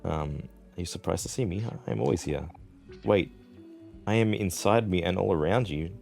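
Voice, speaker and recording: A man voicing a huge friendly whale from a video game, reading its lines softly and low. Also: normal speed, creaky, faint music behind. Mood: eerie. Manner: soft, murmured reading of game dialogue. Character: huge friendly whale who swallowed guests.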